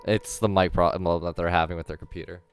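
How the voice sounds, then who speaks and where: A man's voice: low voice, steady tone, quick pace, music in the background. A man playing a tabletop game on a voice call, hesitant and apologetic, often stammering and restarting. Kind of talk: casual game chat with in-character asides.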